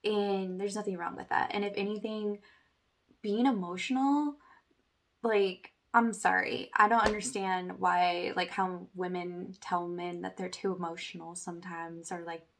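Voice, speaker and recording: A woman leading a guided spiritual workshop, chatty and casual, filling her talk with "like" and "okay", dropping to a soft hush for meditation. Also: lowish voice, fairly even intonation, measured pace. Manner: chatty, says "like" and "okay" often; soft, hushed when guiding meditation.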